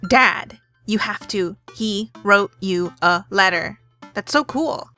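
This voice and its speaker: A woman's voice: medium pitch, takes it slowly, faint music behind. A woman voicing an eager, bossy teenage daughter. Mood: excited. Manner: bright, pushy, enthusiastic. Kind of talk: game let's play voice acting.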